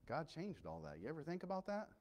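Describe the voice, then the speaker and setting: Impassioned preacher, lively swooping voice. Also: male voice, on the high side, fast. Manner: impassioned preaching, swinging from quiet to loud. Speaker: pastor. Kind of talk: sermon.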